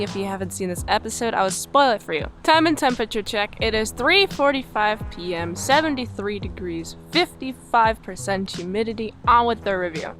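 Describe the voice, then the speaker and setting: A young woman talks through an episode review in a relaxed, chatty way, sounding exasperated and slipping into quick character asides. Her voice sits fairly high and comes across smooth and clear. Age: young adult. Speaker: show host reviewing a TV episode. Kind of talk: casual spoken review.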